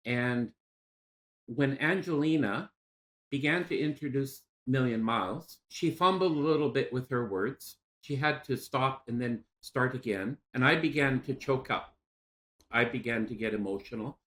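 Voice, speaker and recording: Soft-spoken man in his sixties, halting. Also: mid-range voice. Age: 60s. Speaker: podcast guest. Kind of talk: emotional personal story.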